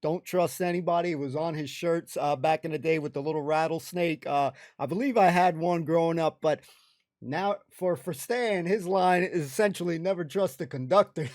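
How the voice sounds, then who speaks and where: A man's voice: high voice, no echo, clean studio sound. An American man hosting a reaction video, chatting casually and addressing his viewers.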